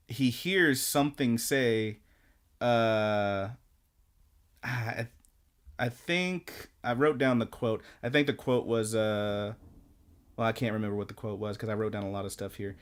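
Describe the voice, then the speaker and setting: Taking his time, a podcast co-host with a clear, resonant, mid-range voice casually recounts anime episodes. His rambling recap turns animated whenever he performs the characters' lines.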